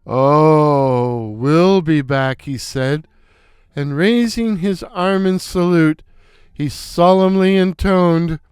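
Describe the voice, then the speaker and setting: A man's voice: sits high, clean tone, no echo, studio quality. An older man narrating a first-person story with wry, self-mocking asides.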